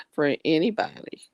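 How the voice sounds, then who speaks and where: A woman's voice: sits low, vocal fry, no room sound. A woman with an East Tennessee mountain drawl, chatting folksily with viewers on a livestream and calling them darling and honey. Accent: Southern US drawl, East Tennessee mountains. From East Tennessee, American South. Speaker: livestream host reading viewer comments. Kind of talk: casual livestream chat.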